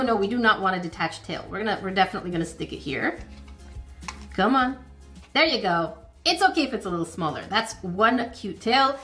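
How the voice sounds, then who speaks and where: Woman, craft kit review host, chatty, flustered, self-encouraging, medium pitch, faint background music. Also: a bit bright.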